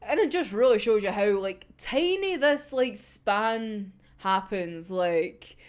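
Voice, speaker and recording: A woman's voice: medium pitch, animated, slow. A woman casually recapping an anime episode, giggling often, swearing freely and acting out the characters' lines. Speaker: anime discussion vlogger.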